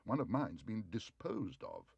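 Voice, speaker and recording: A man reading aloud and voicing an earnest, well-mannered little male bear, in a husky voice. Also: fairly low pitch, huge pitch swings, unhurried, a little mellow, no room sound, full character voice. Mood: polite.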